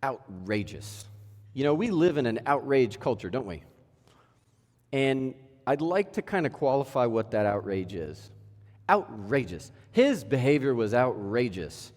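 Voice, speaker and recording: A man's voice: medium pitch, lively intonation, moderate pace, a little mellow. A man in his thirties preaching a sermon in a church, casual and conversational, full of rhetorical questions. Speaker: pastor. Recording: echoey church hall.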